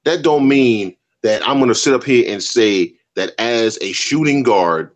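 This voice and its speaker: A man's voice: medium pitch, a little slow. A man co-hosting a loose sports talk show. He talks emphatically in street slang and drives each point home by repeating it. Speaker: podcast co-host.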